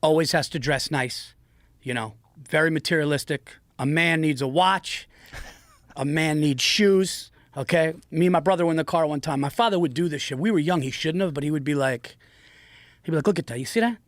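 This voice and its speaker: A man in his forties telling a story in an animated, profane way on a podcast, often slipping into an impression of his father. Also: on the high side, moderate pace, no echo, clean studio sound. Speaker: guest. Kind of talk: casual storytelling. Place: podcast studio. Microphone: studio mic.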